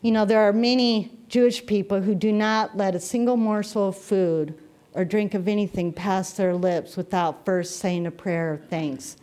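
A woman minister giving a sermon, telling stories with gentle humor. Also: mid-range voice, fairly even intonation, moderate pace.

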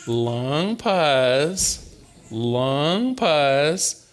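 A man preaching a conversational sermon, animated and informal, often repeating words as he builds a point. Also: on the high side, unhurried.

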